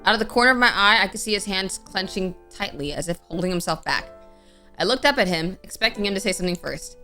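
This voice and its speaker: A woman's voice: medium pitch, fast talker, faint music behind. A young woman streamer reading a game story aloud with dramatic flair and playful casual asides. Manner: expressive, with sudden playful outbursts.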